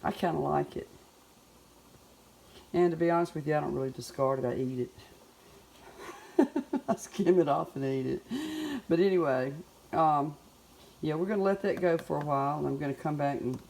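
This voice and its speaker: A woman's voice: deep voice, animated, normal speed, vocal fry, pauses often, a little mellow, a little hiss or hum. A middle-aged woman with a Southern US accent, chatting folksily in her home kitchen as she cooks. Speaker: home cook. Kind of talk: casual cooking demonstration.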